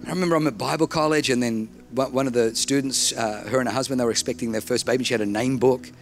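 A man's voice: mid-range voice, fairly even intonation, fast talker, soft background music. A man, originally from Germany, telling a humorous sermon story as a preacher and animatedly acting out the dialogue. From Germany, raised in Australia.

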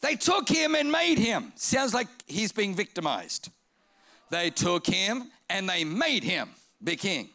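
A male preacher with a high, bright voice, delivering a sermon in a church. He is lively and comic, repeating phrases for effect and slipping into acted-out voices. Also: slow, gravelly.

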